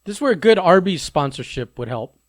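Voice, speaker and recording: Blunt, high-voiced man in dry audio. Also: very animated, brisk, no room sound. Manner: blunt, profane, dismissive. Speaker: podcast co-host. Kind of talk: casual podcast chat.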